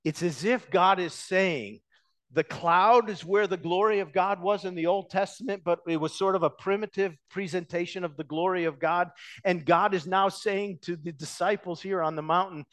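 Male pastor, fairly high voice; dynamic sermon delivery, builds loud then drops to a hush. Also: normal speed. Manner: dynamic preaching, rising loud then dropping to hushed.

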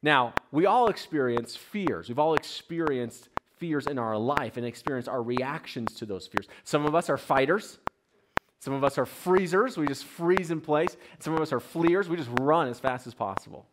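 A man in his thirties, a pastor, opening with a soft prayer and then preaching to a congregation with storytelling and questions to the room. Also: a little high, expressive, normal speed, background noise. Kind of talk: sermon. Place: church sanctuary with a congregation.

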